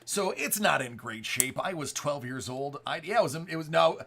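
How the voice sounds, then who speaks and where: A man's voice: on the high side, animated, moderate pace, gravelly, a bit bright, slight background noise. A man in his forties from the Buffalo area, chatting casually and telling a story, with rambling restarts and quotes he acts out. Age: 40s. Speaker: card break host.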